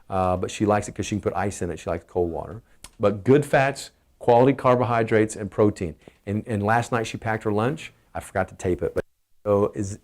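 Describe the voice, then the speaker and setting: A middle-aged man with a Texan accent gives a casual, energetic family health talk, asking his listeners questions as he goes. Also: on the low side. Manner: energetic, emphatic, asks the audience questions.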